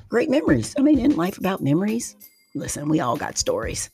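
A woman hosting a solo podcast, telling a personal story in an animated way, with frequent exclamations and laughing at herself. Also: medium pitch, normal speed, faint music behind. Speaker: podcast host.

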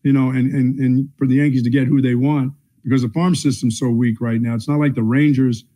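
A sports talk host with a mellow, warm voice at a middle pitch, talking in a measured, folksy way. He keeps circling his points with little verbal asides. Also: level tone. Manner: measured, folksy, leans on "I mean".

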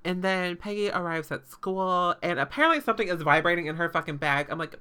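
A woman's voice: on the low side, a little fast, pushed and bright, smooth. A woman hosting a podcast, recapping a show in casual, sarcastic chat full of fillers and swearing.

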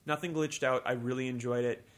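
A man's voice: medium pitch, fairly even intonation, brisk. A man from Canada, co-hosting a casual gaming chat and explaining things at length with many restarts. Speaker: podcast co-host. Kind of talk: casual chat about video games.

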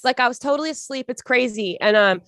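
A woman's voice: fairly high pitch, fast talker, fairly bright tone, no room sound, clean studio sound. A young woman being interviewed as a podcast guest, telling her story in an earnest, emotional, rambling way with many restarts.

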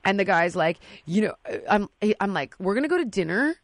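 Woman host telling a story casually, animated, dry close sound. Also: medium pitch, brisk, dry recording. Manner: animated, acts out quotes.

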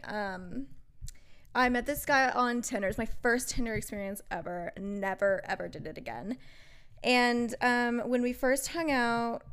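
A woman's voice: on the high side, clean tone. A young woman co-hosting a podcast, talking bluntly in casual chat with many fillers. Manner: chatty, blunt, full of fillers. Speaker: podcast co-host.

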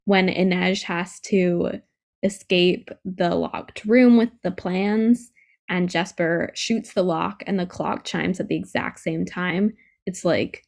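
A woman's voice: on the low side, slow pace, a little mellow. A woman in casual fan discussion, laying out arguments with examples. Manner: analytical, builds arguments with examples.

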